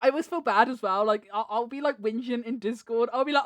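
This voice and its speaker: A woman's voice: on the high side, quick pace, dry recording, studio quality. A woman livestreaming from home, chatting casually with viewers, giggling and restarting her words as she talks into a desk microphone.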